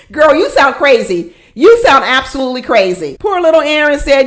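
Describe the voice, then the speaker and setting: Sassy lady recapping reality tv, kinda high voice, blunt, says stuff twice. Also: very animated, normal speed, fairly bright tone. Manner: blunt, sassy, repeats phrases for emphasis. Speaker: reality show recap host. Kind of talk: casual recap commentary.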